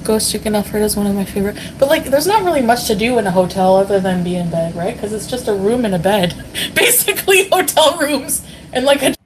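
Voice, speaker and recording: A woman chats casually on a livestream, answering viewer comments between frequent giggles. Her voice sits at an ordinary middle pitch, and there is a faint hiss in the background. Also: expressive, fast talker. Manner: giggly, chatty, many fillers. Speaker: vlogger reading chat. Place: hotel room.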